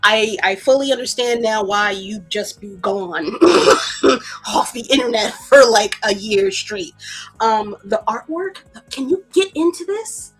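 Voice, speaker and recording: A woman co-hosting a casual livestream chat, excitable and rambling, often laughing at herself. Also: a little high, a little slow, husky, faint music behind. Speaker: co-host.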